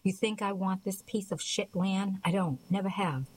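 A woman's voice: mid-range voice, normal speed, a little mellow, husky, close to an everyday voice. A woman reading as a bitter, harsh man. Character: bitter, self-destructive grown man.

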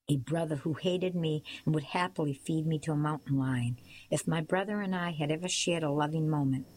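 A woman narrates a storybook in the first person, with a lowish voice and a steady, measured pace. Faint hiss sits under the recording. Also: poor audio. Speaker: audiobook reader.

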